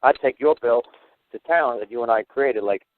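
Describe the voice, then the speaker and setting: A man hosting a call-in show, telling stories in a blunt, profane, rapid way. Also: medium pitch. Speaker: host. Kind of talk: casual storytelling on a call-in show. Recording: tinny phone-line audio.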